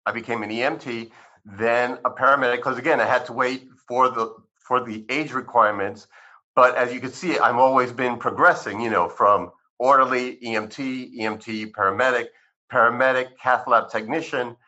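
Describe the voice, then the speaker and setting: This interviewed chiropractor, a man in his sixties, has a mid-range voice that is bright and forceful, with a steady tone and normal speed. He recounts his life in a rambling, chatty way full of fillers and re-enacted quotes, captured on a slightly muffled recording.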